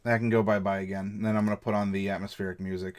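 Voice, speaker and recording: A man's voice: on the low side, level tone, rapid-fire. An American man, a game master and streamer, giving tabletop storytelling advice in an enthusiastic, demonstrative way. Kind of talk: livestream advice chat.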